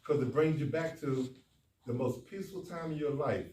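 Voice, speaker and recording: A man, a doctor, giving a folksy, animated talk at a men's conference, speaking straight to the audience. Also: on the high side, normal speed. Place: conference room. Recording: echoey hall, far from the mic, faint noise.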